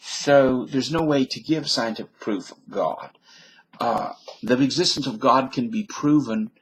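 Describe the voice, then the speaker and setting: A man's voice: mid-range voice, unhurried, a little hiss or hum, low-quality recording. Man reading aloud with joking asides. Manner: wisecracking, breaks off mid-sentence to comment. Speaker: presenter reading a mathematician's biography.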